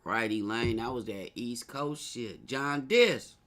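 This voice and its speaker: Man, show host, casual commentary, laughs a lot, bright forceful voice. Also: medium pitch, slow. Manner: laughs often, animated and joking.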